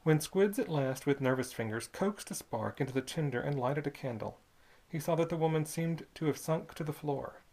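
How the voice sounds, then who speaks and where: An audiobook reader narrating a period story in a measured, expressive way. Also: mid-range voice.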